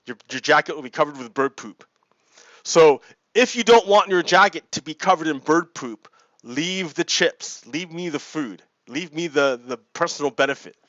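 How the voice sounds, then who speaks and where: A man's voice: a little high, lively intonation, moderate pace, fairly bright tone, dry recording. A man doing a smug extorting cartoon bird. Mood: menacing. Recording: dry, dull lo-fi mic.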